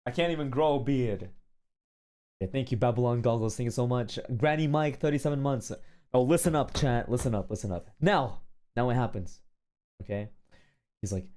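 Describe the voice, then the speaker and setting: A man's voice: medium pitch, normal speed, long pauses, mellow. A male streamer telling a long story to his chat in a casual, rambling way, often checking in with "okay?" and "right?".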